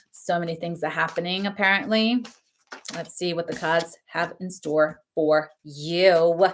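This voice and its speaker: Woman, young adult, lowish voice, casual rambling card reader, chatty with frequent laughs. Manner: chatty, rambling, laughs often between thoughts. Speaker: tarot reader. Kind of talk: casual spoken oracle card reading.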